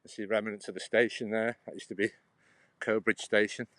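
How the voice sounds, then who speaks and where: A man rambles casually to his livestream viewers while walking along an outdoor path, his voice sitting on the low side. He talks into a phone as he goes, and passing traffic can be heard behind him. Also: flat delivery, brisk, sharp tone, no room sound. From England. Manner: rambling, chatty, answers viewers' comments. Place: outdoors on a cycle path beside a road.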